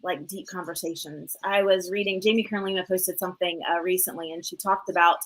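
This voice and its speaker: A woman in her forties hosting a live motivational talk show, energetic and chatty, full of "like" and "you know". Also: on the low side, a little fast, slight background noise, low-quality recording. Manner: energetic, chatty, many fillers. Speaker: host and coach.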